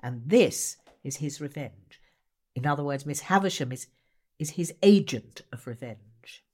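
A woman actor and writer, a guest in the conversation, tells stories with theatrical emphasis. Her voice sits rather low and swoops expressively, and she takes her time over each phrase. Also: expressive, measured pace, a little mellow. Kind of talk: animated conversation.

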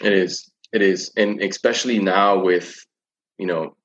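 A man's voice: low-pitched, fairly even intonation, measured pace, fairly bright tone, dull audio. A man talking about coping with anxiety as a teen coach in a casual podcast chat, earnest and often repeating words while he thinks.

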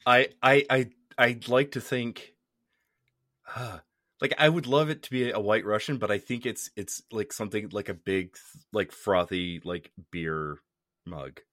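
A man, a player in a tabletop game, talking hesitantly with deadpan asides. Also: fairly low pitch, measured pace, dry recording, studio quality.

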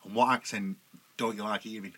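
A man's voice: fairly low pitch, steady tone, pushed and bright. A man with a Sheffield accent, chatting bluntly and swearing freely as a podcast co-host. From Sheffield, England. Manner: blunt and sweary, quick banter. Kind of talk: casual podcast chat.

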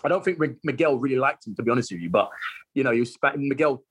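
A man, a footballer guest telling lively anecdotes in a casual interview, laughing and repeating himself. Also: mid-range voice, quick pace, husky.

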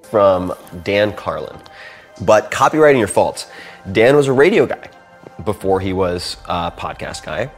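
A man hosting a podcast, chatting casually and animatedly, swinging between loud and soft and acting out quotes. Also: fairly low pitch, expressive, a little slow, faint music behind. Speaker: podcast host. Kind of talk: casual chat.

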